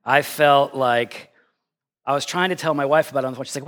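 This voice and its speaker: A middle-aged male pastor giving a conversational sermon, telling stories in an animated, self-deprecating way. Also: fairly high pitch, fast.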